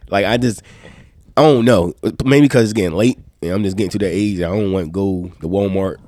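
A man's voice: low voice, a little fast. Stuffy-nosed man telling loose stories. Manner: loose, profane, animated storytelling. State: sick, stuffed-up nose. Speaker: podcast host. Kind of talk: casual podcast chat.

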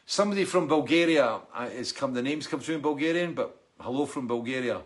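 A man's voice: mid-range voice, expressive, a little fast. A middle-aged man, a musician, hosting a casual weekly livestream and reading out viewer comments. He rambles and chats, restarts his sentences and laughs often.

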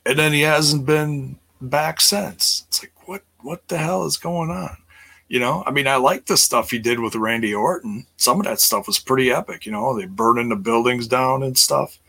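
Bright-voiced man rambling on a livestream. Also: medium pitch, moderate pace, creaky, few pauses. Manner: rambling, many fillers and restarts. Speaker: livestream host. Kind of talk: casual livestream chat.

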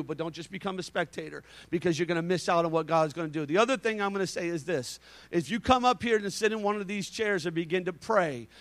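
A man preaching a Pentecostal sermon in church, going from calm, conversational instructions to shouted, impassioned exhortation. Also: sits high, no echo. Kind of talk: Pentecostal altar-call sermon. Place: church sanctuary.

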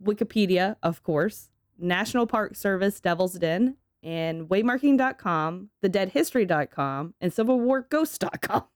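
A woman's voice: medium pitch, expressive, moderate pace, few pauses, dry recording, studio quality. A woman co-hosting a casual podcast chat, laughing often and swearing casually as she tells a ghost story. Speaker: podcast co-host.

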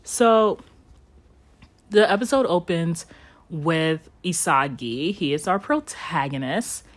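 A woman's voice: on the low side, slow pace. A woman hosting a podcast, recapping an anime episode in a rambling, chatty way with lots of fillers and some swearing. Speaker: podcast host.

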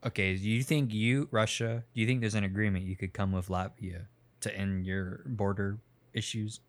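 Lower-voiced young man moderating a mock debate. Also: fairly even intonation, moderate pace. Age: young adult. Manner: teasing, laughing between lines. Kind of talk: improvised comedy role-play.

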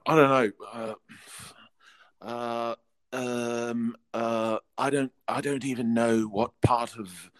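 A man's voice: medium pitch, steady tone, takes it slowly, no echo. A man co-hosting a podcast, chatting casually with frequent swearing. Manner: swearing, put-on polite British accent over his own. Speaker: podcast co-host. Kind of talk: casual banter.

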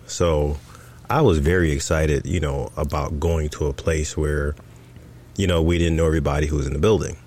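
Man, very low voice, podcast co-host, animated storytelling, plays out dialogue. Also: moderate pace. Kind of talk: casual storytelling.

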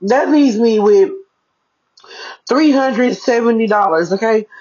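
Chatty mom vlogger, dull lo-fi sound. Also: female voice, on the high side, slow, mellow. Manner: chatty, talks straight to viewers, keeps checking in. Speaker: parenting vlogger. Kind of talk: casual budgeting vlog.

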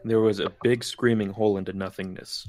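A man playing in a tabletop game, explaining things in a rushed, rambling way. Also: on the low side, steady tone, darkish tone. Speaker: player. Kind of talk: in-character tabletop chat.

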